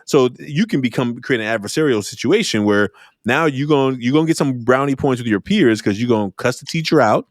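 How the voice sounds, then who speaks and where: A middle-aged man hosting an interview podcast, talking in a lively storytelling way. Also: brisk, no room sound, clean studio sound. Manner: animated storyteller, jumps high when acting out exchanges. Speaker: podcast host. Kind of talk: conversational interview.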